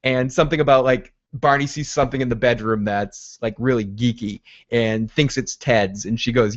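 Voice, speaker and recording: A man hosting a podcast, rambling excitably through a casual recap of a TV episode, with frequent restarts. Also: medium pitch, moderate pace, hardly any pauses, highs cut off. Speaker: podcast host.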